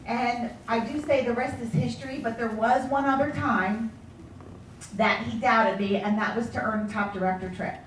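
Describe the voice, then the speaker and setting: A woman sales director telling her story in a motivational speech, animated and acting out the voices of people she quotes. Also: a little high, moderate pace, a little hiss or hum. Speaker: sales director giving a talk. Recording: echoey room from far off.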